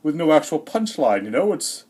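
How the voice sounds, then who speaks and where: A man doing a rambling, deadpan comedic monologue in character as Santa, hesitant and full of fillers, a little out of breath. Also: a little high, moderate pace, husky. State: slightly out of breath.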